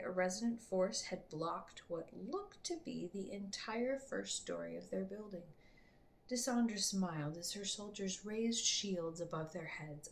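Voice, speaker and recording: Woman reading a storybook softly. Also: lowish voice, slight background noise. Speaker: author reading her book.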